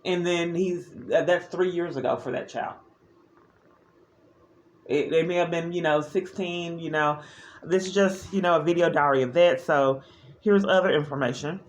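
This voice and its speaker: A woman's voice: on the low side, normal speed. Woman, video diary, earnest, agitated, frequent restarts, faint background hum. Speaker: parent recording a video diary. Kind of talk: personal video diary, recounting events.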